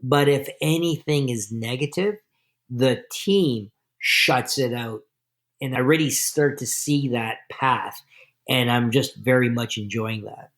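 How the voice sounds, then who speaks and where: A man from Canada, a podcast guest, telling stories in a casual, animated interview. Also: medium pitch, measured pace.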